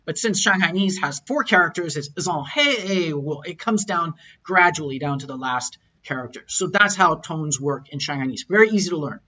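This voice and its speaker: A man's voice: fairly high pitch, lively intonation, a little fast, hardly any pauses, sharp tone, muffled recording. A man teaching a recorded lecture, explaining and repeating words as he models tones aloud. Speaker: language teacher.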